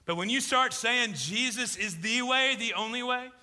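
A man's voice: very high-pitched, moderate pace, sharp tone, in a large hall. A male pastor preaching an emphatic sermon with rhetorical asides.

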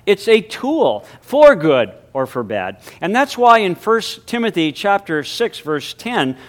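A male pastor giving a sermon, moving from a hushed, reverent prayer into emphatic preaching with deliberate, drawn-out stresses. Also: sits high, big pitch swings. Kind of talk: spoken prayer.

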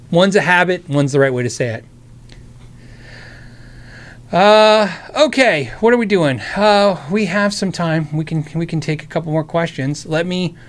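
An American man hosting a casual live stream, answering chat questions about guitars in a rambling, friendly way, his voice tired and worn. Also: a little high. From United States. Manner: rambling, friendly, with many restarts and asides.

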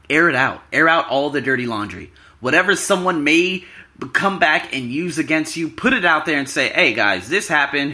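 Animated, bright-voiced man vlogging. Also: mid-range voice. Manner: animated, emphatic, talks straight to viewers. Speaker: YouTuber and podcaster. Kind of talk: casual vlog monologue.

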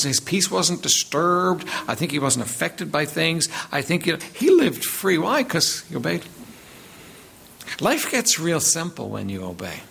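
A man's voice: fairly high pitch, vocal fry, fairly bright tone, a little hiss or hum. A man preaching a sermon as pastor, reading scripture aloud and emphatically repeating words as he builds his points.

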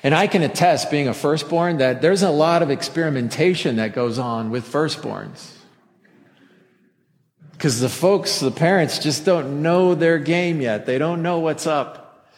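A man's voice: fairly high pitch, measured pace. Man preaching in a reverberant hall. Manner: conversational preaching with self-deprecating jokes. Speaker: pastor. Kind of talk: Christmas sermon. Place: church sanctuary with a masked congregation.

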